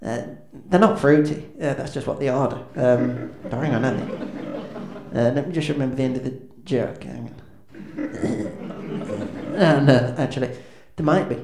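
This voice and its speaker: This band's comedic frontman rambles through stand-up patter in a gravelly, mid-range voice at a measured pace. He sounds awkward, self-deprecating and hesitant, full of ums and restarts, and the echoey room carries a faint ambience.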